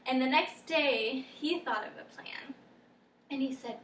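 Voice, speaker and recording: A young woman casually retelling a folktale as a storyteller, with animated, loose character voices. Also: sits high, a little slow, a little hiss or hum. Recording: echoey room from a distance, faint ambience.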